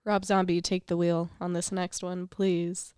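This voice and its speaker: A woman co-hosting a spooky-themed podcast, stuffed up from allergies and dropping wry, deadpan jokes in casual chat. Her voice sits a little low and stays smooth despite the blocked nose. The close mic gives a dry sound with no room around it. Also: a little slow, no room sound. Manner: wry, joking quips. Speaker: podcast co-host.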